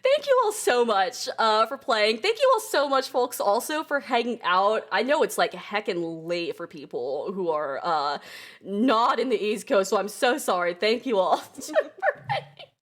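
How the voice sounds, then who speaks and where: A woman's voice: medium pitch, big pitch swings, measured pace, fairly bright tone. A woman narrating a tabletop game as game master, giggling and laughing often.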